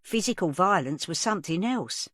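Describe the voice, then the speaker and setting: A woman's voice: fairly low pitch, lively intonation, normal speed, fairly bright tone, dry recording, clean studio sound. A woman reading a first-person audiobook, narrating as the story's teller. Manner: plain storytelling.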